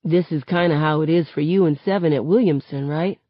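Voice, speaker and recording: A woman reading a novel aloud, voicing an awkward, easygoing white teenage boy in plain, quiet lines. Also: sits low, brisk, dry recording. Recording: dull lo-fi, dry sound.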